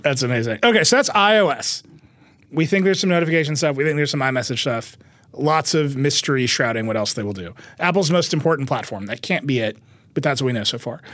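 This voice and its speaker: A man's voice: a little high, fairly bright tone, no echo. Joking podcast co-host, a man. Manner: quick, joking, steers the talk. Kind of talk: casual panel chat.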